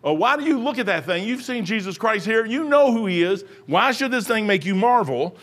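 A man's voice: high voice, animated, brisk, a bit bright. A middle-aged man preaching a sermon, rambling into joking personal asides.

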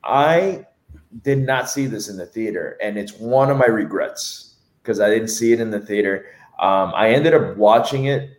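A man co-hosting a podcast, reviewing a film in a casual chat, telling animated stories and swearing freely. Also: lowish voice, moderate pace, roomy sound. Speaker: podcast co-host.

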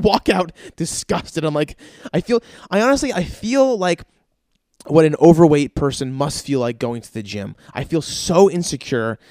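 A man's voice: fairly high pitch, a little mellow, no room sound, studio quality. A man in his thirties doing a profane, rambling comedic rant and jumping into other people's voices. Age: 30s. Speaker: stand-up comedian.

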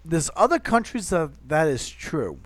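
A man's voice: on the high side, sing-song, unhurried, no echo. Earnest, repetitive podcast man. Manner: earnest, repetitive, restarts a lot. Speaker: podcast co-host. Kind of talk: casual chat.

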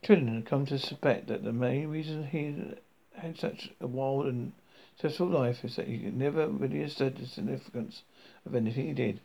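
Gravelly man reading a novel aloud. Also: mid-range voice, moderate pace, mellow. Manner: stumbling reading with many restarts. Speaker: reader. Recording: dull lo-fi recording.

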